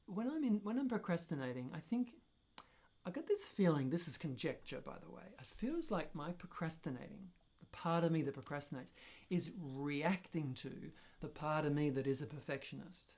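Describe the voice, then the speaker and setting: A man's voice: on the high side, expressive, normal speed, darkish tone. A man talking reflectively on his own channel, thinking aloud and questioning himself as he goes. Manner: thoughtful, musing, self-questioning. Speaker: personal growth vlogger. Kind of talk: reflective solo talk to camera.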